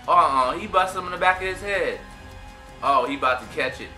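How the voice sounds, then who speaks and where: Excitable man reacting in an echoey room. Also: on the high side, brisk, soft background music. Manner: excited, laughing, talks back to the players on screen. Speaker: sports reaction video host. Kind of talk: casual reaction commentary.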